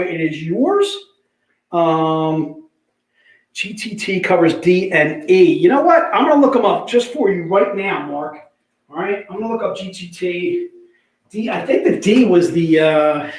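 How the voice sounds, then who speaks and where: A man hosting a casual livestream sales pitch, chatty, repeating prices and item numbers, calling viewers "dude". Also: darkish tone, roomy sound, low-quality recording.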